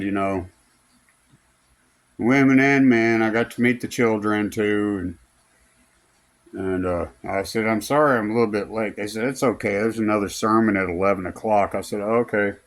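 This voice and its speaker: A man telling a rambling personal story in a casual vlog, full of fillers and restarts, recorded in a car. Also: fairly low pitch. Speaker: vlogger.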